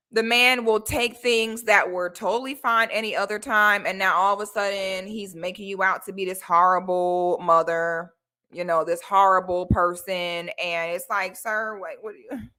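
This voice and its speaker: A young woman with a bright, sharp voice talks sassy, emphatic advice straight to her viewers. She runs her own vlog and keeps every line punchy. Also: mid-range voice. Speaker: commentary vlogger. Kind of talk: casual advice commentary.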